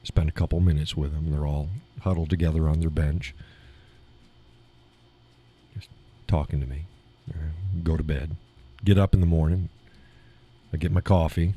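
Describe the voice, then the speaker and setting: Male live-stream host, low and husky; loose rambling chat with frequent chuckles, small home studio. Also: warm tone.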